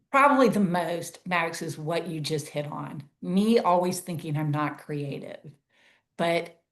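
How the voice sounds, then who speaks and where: A woman over fifty, a stylist guest on a podcast, talking candidly and reflectively with easy laughter. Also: on the low side. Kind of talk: conversational interview.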